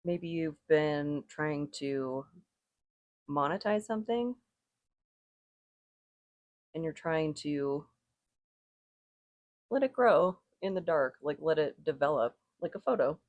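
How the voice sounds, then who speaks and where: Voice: mid-range voice, lively intonation, slow pace, pauses often, no room sound. A tarot and rune reader chatting casually to viewers, thinking aloud, correcting themself and chuckling now and then. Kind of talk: casual spoken reading to viewers.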